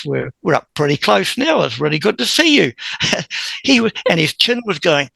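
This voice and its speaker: A man, a podcast guest telling a long story in a lively, chuckling way. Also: high voice, normal speed, no echo, low-quality recording. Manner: animated anecdote-teller who chuckles and clears his throat. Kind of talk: conversational storytelling.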